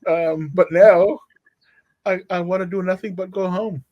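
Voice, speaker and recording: A man from Samoa with a Samoan accent, a podcast guest telling stories in a conversation, animated and laughing as he talks. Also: high voice, moderate pace, lo-fi sound. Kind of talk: storytelling in a conversational interview.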